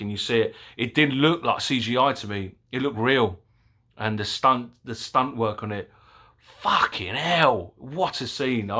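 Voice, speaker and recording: A man giving a casual, excitable movie review, rambling with fillers and the odd swear word. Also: mid-range voice. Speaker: film reviewer.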